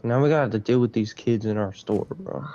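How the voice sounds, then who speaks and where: Lady doing a deep fed-up store guy, grumbly, kinda muffled lo-fi sound. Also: fast talker, warm tone. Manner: exasperated, grumbling. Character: fed-up male store employee.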